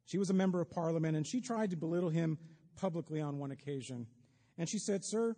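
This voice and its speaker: A man with a fairly high but dark, mellow voice preaches a sermon, chatting with the congregation and dropping in wry asides. His words ring out with a long reverb, as if in a big church sanctuary. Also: fast. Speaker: pastor. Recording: long reverb of a large hall.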